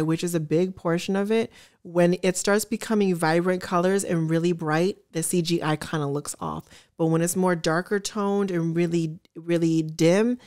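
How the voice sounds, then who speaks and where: A woman giving casual reaction commentary to her viewers, chatty and earnest, openly emotional and gushing. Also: lowish voice. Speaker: trailer reaction vlogger.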